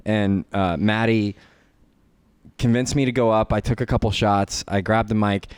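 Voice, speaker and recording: A man co-hosting a podcast, talking in casual chat with halting restarts. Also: on the low side, fairly even intonation, clear, resonant tone, dry recording. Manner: halting, with many restarts and fillers. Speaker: podcast co-host, poker player.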